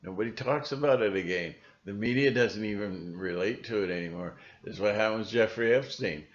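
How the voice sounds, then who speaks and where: A man's voice: fairly low pitch, a little fast, dull audio, slight background noise. A male video blogger ranting casually to camera, rambling and sarcastic, full of fillers and restarts.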